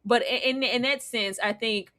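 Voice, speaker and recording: A woman co-hosting a casual TV review chat, with a bright, forceful voice pitched a little high. She talks animatedly, laughing and exclaiming in disbelief. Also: normal speed. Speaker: co-host of a TV review show.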